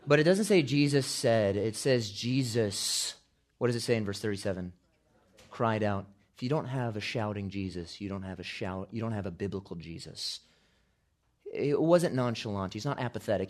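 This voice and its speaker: A man preaching a sermon, building from calm storytelling to loud, shouted climaxes. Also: medium pitch, normal speed. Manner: preaching with big swells, shouting quotes at climaxes. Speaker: pastor.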